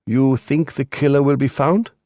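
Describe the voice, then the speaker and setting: A man narrating an audiobook voices an earnest, principled lawyer who speaks in a measured way. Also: mid-range voice, steady tone, mellow, no echo, studio quality, pitched above the performer's own voice, close to an everyday voice.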